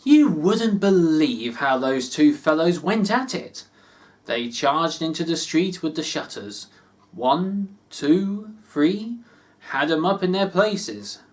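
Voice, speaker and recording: A man reading a classic story aloud, expressive and unhurried. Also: fairly high pitch. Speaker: reader.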